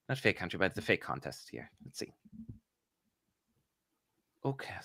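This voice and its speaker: A man co-hosting a live watch-along stream, chatting excitably and grumbling aloud as he tracks what is on screen. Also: deep voice, measured pace, vocal fry, pauses often, no room sound, studio quality. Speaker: livestream co-host.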